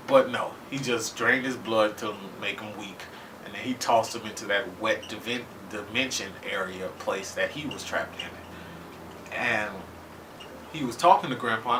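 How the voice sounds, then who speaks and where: A man casually recapping a TV episode with profanity, talking loosely and keeping asking his viewers "right?". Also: medium pitch. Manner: animated, loose and conversational, keeps asking "right?". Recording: faint noise, distant from mic.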